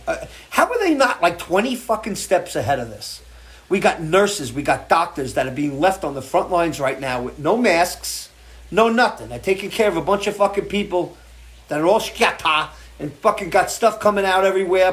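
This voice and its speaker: A man's voice: high voice, expressive, normal speed, fairly bright tone. A middle-aged man hosting a live show from a porch, ranting in a blunt, profane, emotional way. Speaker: show host. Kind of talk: impassioned live-stream rant. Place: porch, outdoors.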